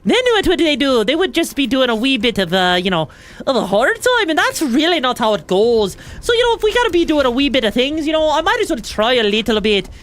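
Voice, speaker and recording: Mock-Irish trash-talker, high singsong, teasing as a woman puts it on. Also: big pitch swings, fairly quick. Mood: taunting. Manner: taunting, singsong, says "wee bit" a lot. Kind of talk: joking put-on voice while gaming.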